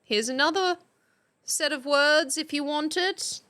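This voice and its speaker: Slow-talking woman streamer. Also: sits high, bright, forceful tone. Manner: reads chat entries aloud, laughs often. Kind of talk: casual live-stream chat.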